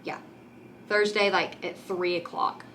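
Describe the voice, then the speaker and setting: With a lowish, fairly bright voice and fairly even intonation, a young woman talks a little slowly to her camera. The vlog is casual and candid, heavy on "like" and "um," occasionally near tears, with a little hiss or hum in the background.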